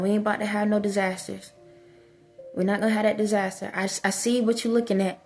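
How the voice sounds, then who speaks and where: A woman's voice: mid-range voice, little pitch movement, fairly quick, darkish tone, soft background music. A woman vlogger giving an impassioned spiritual monologue, repeatedly soothing and urging an unseen listener.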